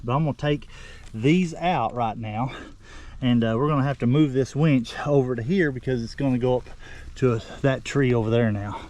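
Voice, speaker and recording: A man's voice: medium pitch, moderate pace, a little mellow. An older man, rambling and folksy, talking viewers through a job outdoors in the woods. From southern Oklahoma. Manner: folksy, rambling, repeats himself. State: out of breath. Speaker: vlogger. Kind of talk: casual outdoor how-to narration.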